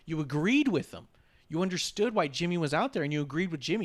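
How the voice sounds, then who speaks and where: A man's voice: on the high side, fast talker. A man co-hosting a casual wrestling podcast, retelling matches with energy and acting out the wrestlers' lines. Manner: animated storyteller, acts out wrestlers' lines. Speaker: podcast co-host. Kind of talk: casual wrestling recap chat.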